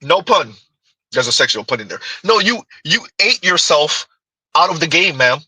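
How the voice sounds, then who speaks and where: Bright, husky-voiced man mocking clips. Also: a little high, sing-song, normal speed, dry recording, poor audio. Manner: mocking, giggling, rambling. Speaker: streamer. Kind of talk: casual commentary on clips.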